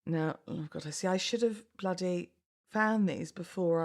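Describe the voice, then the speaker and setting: A woman's voice: lowish voice, measured pace. A woman hosting a casual solo podcast, chatty and oversharing, often laughing at herself and going off on asides. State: pregnant, baby kicking. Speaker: podcast host.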